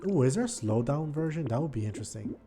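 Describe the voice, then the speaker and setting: A man giving casual gameplay commentary, thinking aloud and swinging between quiet muttering and frustrated outbursts. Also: mid-range voice, lively intonation, fast talker, background noise. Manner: thinks aloud, repeats words and restarts. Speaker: gaming video host.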